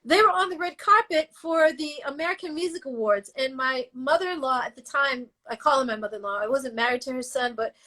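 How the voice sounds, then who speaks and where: A woman's voice: high voice, fairly quick, few pauses. A woman guest in an interview, telling her story bluntly and with feeling, sometimes cursing. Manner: animated, emotional, blunt and cursing. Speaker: guest singer.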